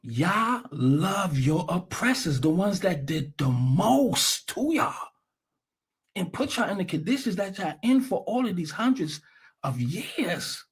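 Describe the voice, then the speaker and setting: A man's voice: sits high, big pitch swings, takes it slowly, slightly rough. A man from the United States giving blunt, profane reaction commentary in a heated rant.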